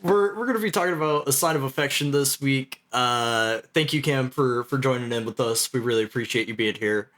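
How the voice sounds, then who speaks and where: A man's voice: medium pitch, brisk, few pauses. A man hosting a casual podcast, talking loosely with many uhs as he introduces the topic. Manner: relaxed, filler-heavy delivery with many uhs. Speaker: podcast host. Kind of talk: casual chat, introducing the show.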